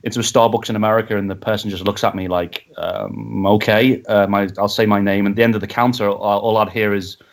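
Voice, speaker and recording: A man from Liverpool with a softened Liverpool accent, chatting casually as a documentary director on a podcast interview. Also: lowish voice, little pitch movement, vocal fry. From England. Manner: fast-talking, softening his accent.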